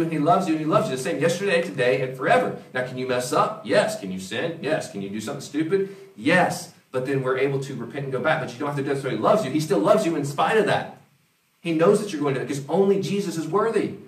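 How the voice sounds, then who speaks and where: A man's voice: on the high side, lively intonation, quick pace. A man preaching a conversational sermon, acting out quoted voices as he goes. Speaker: pastor. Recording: roomy, from a distance.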